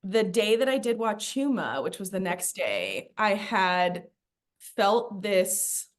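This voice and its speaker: A woman's voice: medium pitch, big pitch swings, slow. A woman in casual podcast chat, telling a spiritual story with a rambling manner and lots of "like" fillers.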